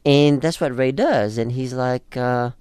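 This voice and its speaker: Speaking at medium pitch, unhurried and smooth with no echo, a man co-hosts a laid-back talk show. He discusses a TV episode with animation, voicing the quoted lines as different characters.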